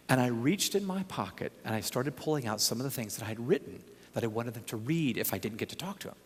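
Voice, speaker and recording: A man speaking at a conference who tells a story in an animated, humorous way. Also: mid-range voice, quick pace, hardly any pauses, breathy edge. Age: young adult. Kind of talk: storytelling talk. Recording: long hall reverb.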